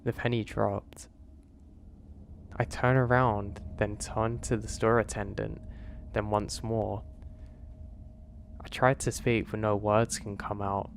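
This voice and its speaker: Guy telling a scary first-person story, low voice, steady, a little background hum. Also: unhurried, gravelly, pauses often. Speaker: horror story narrator.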